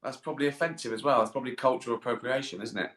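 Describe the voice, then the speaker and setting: A man's voice: medium pitch, rapid-fire, fairly bright tone. A middle-aged man chatting casually on a live stream, rambling, swearing freely and poking fun at himself. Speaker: comedian answering fan questions. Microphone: webcam or phone mic. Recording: echoey room.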